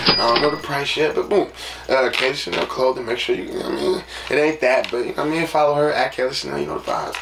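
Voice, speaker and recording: A man hosts a solo podcast, talking loosely and preachily as he lays out his rules. He sits a little back from the mic in a roomy space, and clear background noise runs under his voice. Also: medium pitch, recorded from a distance. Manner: preachy, rambling, peppered with "you know what I'm saying". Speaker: podcast host. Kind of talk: casual solo podcast monologue.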